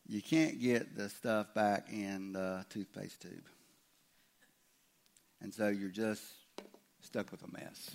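Gravelly, low-voiced pastor preaching. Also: male voice. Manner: conversational, acts out imagined listeners' objections. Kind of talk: sermon.

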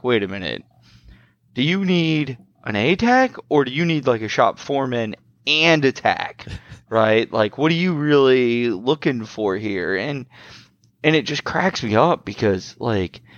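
A man's voice: mid-range voice, expressive, unhurried, no room sound, highs cut off. A man co-hosting a podcast about the auto repair trade, riffing with a wry, sarcastic edge. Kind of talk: casual discussion.

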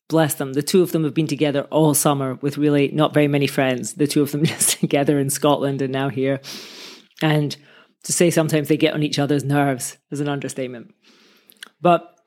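A woman who makes films and writes books, giving earnest, conversational advice to her viewers and piling up questions as she talks. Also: low-pitched. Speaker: filmmaker and author giving advice. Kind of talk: motivational talk to viewers.

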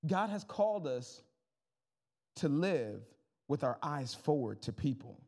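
A man in his thirties, a pastor preaching a sermon in a lively, conversational way with jokes and asides to the congregation. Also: fairly high pitch, unhurried, long reverb tail.

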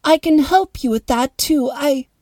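A woman's voice: high-pitched, unhurried, a little mellow, dry recording, pitched above the performer's own voice. A woman voicing a wealthy, formal older lady who talks in a precise, fretful way.

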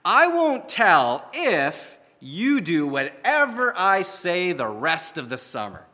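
A smug, bossy little sister, as a preacher puts her on, slow and taunting. The tone stays bright and clear. Reverb from a large hall trails behind each word. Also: high voice, huge pitch swings, exaggerated voice. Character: sly, bossy young sister.

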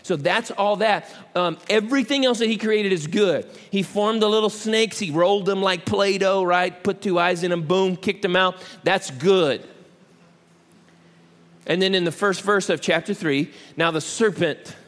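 A man preaching in a relaxed, joking way, often throwing questions out to his listeners. His voice sits high for a man, and it rings with a long echo from a big hall. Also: a little slow. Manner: conversational, humorous, questions the audience. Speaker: pastor. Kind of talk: sermon. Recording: echoey hall.

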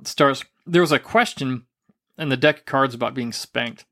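A podcast co-host who grew up Catholic casually tells a racy story, animated and laughing as he acts out quotes. His voice is mid-range and moderately paced.

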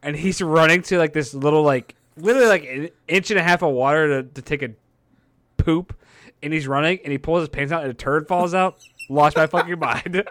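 A man co-hosting a podcast in casual chat, animated, swearing and laughing hard as he retells scenes. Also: fairly high pitch, a little fast, no room sound. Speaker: podcast co-host.

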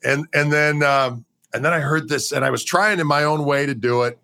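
Bright-voiced interviewer, chatty and relaxed. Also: male voice, on the high side, moderate pace, creaky. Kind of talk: casual chat.

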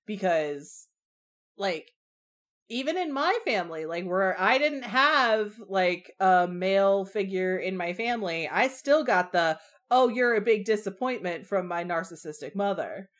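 A young woman shares her thoughts in relaxed podcast chat about a novel. Her voice sits in the middle range, and she talks in a reflective, candid way, stretching out some phrases. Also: mid-range voice, a little slow. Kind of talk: casual book discussion.

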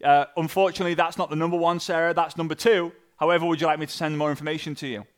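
A man coaching an online audience on sales messaging, energetic and animated, acting out sample messages. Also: rapid-fire. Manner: energetic, with big jumps in pitch and loudness; acts out sample messages in different voices. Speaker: sales and network marketing coach.

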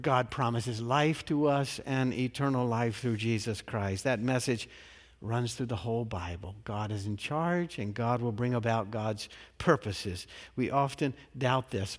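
A male pastor preaching a sermon in a measured, emphatic way, posing rhetorical questions and answering them. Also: medium pitch. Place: large church sanctuary. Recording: long reverb of a large church.

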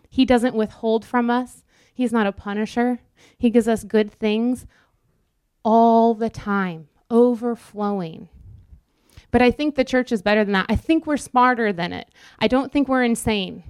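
Woman preacher, young adult, earnest chatty sermon, smooth clear voice, dry close sound. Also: fairly high pitch, darkish tone, no room sound. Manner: earnest, conversational preaching with quick asides.

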